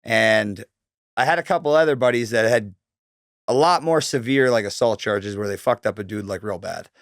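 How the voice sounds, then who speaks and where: A man's voice: lowish voice, normal speed, no echo, clean studio sound. A man from Canada in his thirties, talking casually as a guest, swearing often and filling his speech with likes and ums. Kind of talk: casual storytelling interview.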